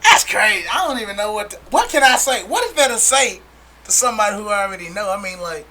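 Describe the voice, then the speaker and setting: A man hosts a casual podcast, animated and hyping up his guest. His voice is high and swoops around, with a very bright tone. Faint room noise sits behind him. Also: fast talker. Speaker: podcast host.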